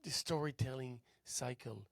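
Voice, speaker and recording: A tired man hosting a local TV show, musing aloud in a halting philosophical monologue that drifts into soft whispers. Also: mid-range voice, creaky, dry recording. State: tired, yawning. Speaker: host. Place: local cable TV studio.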